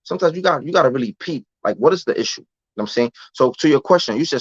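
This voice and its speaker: A man's voice: medium pitch, lively intonation, racing, no echo. A man, telling a candid story as a podcast guest in streetwise slang. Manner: streetwise slang, often adds "you know what I'm saying". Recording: dull, dry lo-fi recording.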